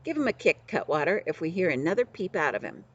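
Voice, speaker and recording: A woman voicing a gruff, boastful male outlaw leader in a storybook reading, bossing everyone around in rough slang. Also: low-pitched, very animated, fast talker, muffled recording, full character voice. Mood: bossy. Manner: coarse old-fashioned slang, bossy.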